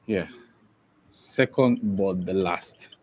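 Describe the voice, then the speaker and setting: A man with a low, somewhat dark voice, captured on poor-quality audio, is teaching an online English lesson for exam preparation. He walks through the material step by step, slowly and repetitively, going over key terms again and again and often asking "okay?" to check in.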